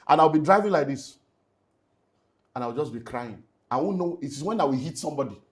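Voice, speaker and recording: A middle-aged man with a Nigerian accent, a pastor talking about his life in an emotional way that rises into loud, emphatic bursts. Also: a little high, lively intonation, a little fast. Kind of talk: candid personal testimony in conversation.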